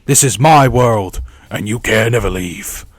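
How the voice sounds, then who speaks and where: A man putting on a slow, accented voice for a menacing, taunting dream-slasher villain. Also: mid-range voice, big pitch swings, darkish tone, dry recording.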